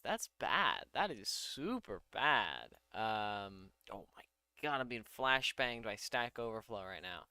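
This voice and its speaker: Easygoing programmer talking to themself, self-deprecating, with an animated, crisp voice. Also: medium pitch, no room sound, studio quality. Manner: muttering, self-deprecating, laughs at own mistakes. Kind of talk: casual thinking-aloud coding vlog.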